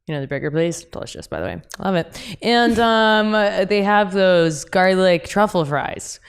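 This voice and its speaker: Candid young woman with a smooth voice. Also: mid-range voice, a little slow. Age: young adult. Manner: candid, animated storytelling with laughs and asides. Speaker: podcast host. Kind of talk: casual podcast chat.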